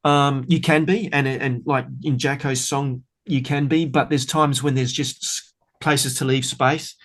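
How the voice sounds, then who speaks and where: A middle-aged man, a bass player talking enthusiastically in a casual podcast interview, rambling with lots of fillers. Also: steady tone, unhurried, a bit bright. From Australia.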